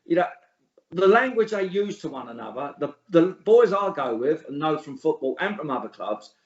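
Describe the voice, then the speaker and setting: A middle-aged Englishman, a guest in a casual interview, speaks bluntly and scornfully with lots of swearing and laughs at his own stories. His slightly high voice is very animated at normal speed, recorded in an echoey room with dull lo-fi sound.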